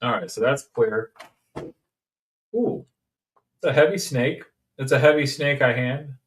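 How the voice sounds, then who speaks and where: Man, rambling and jokey, mid-pitched voice, mic some distance off. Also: moderate pace, a little hiss or hum. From Indiana, USA. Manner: rambling, jokey, sings snippets. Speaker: toy-collecting streamer. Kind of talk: casual unboxing chat.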